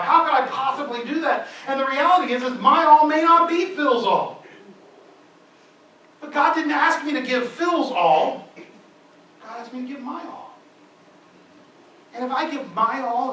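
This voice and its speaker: High, bright-voiced preacher in echoey church. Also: male voice, a little hiss or hum. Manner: conversational, animated preaching. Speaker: guest preacher. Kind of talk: sermon. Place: church sanctuary. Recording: echoey church hall from far off.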